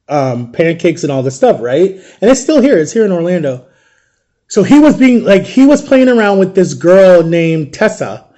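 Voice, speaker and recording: A man's voice: fairly high pitch, warm tone. A young man casually telling a personal story, acting out what others said and often checking in with "right?". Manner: chatty, acts out quoted dialogue, often tags "right?". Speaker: vlogger.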